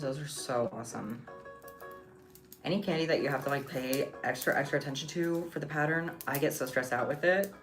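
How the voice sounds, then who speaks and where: A woman streaming live while she crafts, chatting playfully with her viewers and her cat. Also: a bass voice. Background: background music.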